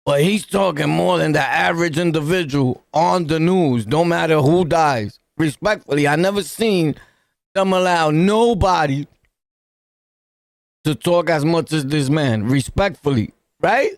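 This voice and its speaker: A man's voice: fairly high pitch, measured pace, gravelly, no room sound, clean studio sound. A man with a New York accent giving casual reaction commentary as a podcast host, joking in street slang and laughing often.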